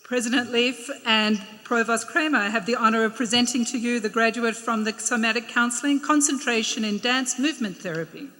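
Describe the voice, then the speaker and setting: A woman's voice: a little high, brisk, hardly any pauses, in a large hall, noisy background. An Australian woman presenting graduates at a ceremony, reading names aloud and checking their pronunciation.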